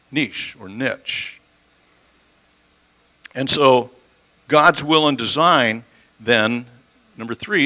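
A man's voice: medium pitch, bright, forceful tone, rough recording. A man preaching a conversational teaching sermon, using homely examples and correcting himself as he goes.

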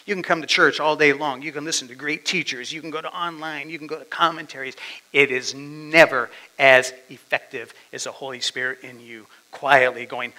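Bright-voiced preacher, dramatic swings. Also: male voice, medium pitch, fairly even intonation, a little fast, rough recording. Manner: dramatic, swings from loud to hushed. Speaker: pastor. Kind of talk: sermon.

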